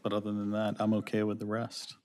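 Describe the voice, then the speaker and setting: A man's voice: lowish voice, completely flat delivery, fast, darkish tone. A man speaking as a council member at a town meeting, informal and a bit rambling. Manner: casual, rambling.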